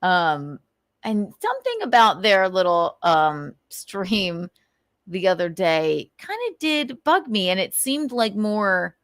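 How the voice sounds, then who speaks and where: A woman's voice: mid-range voice, sing-song, takes it slowly, no echo, studio quality. A woman hosting a casual livestream, rambling and gossiping, swearing freely as she vents. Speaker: livestream host.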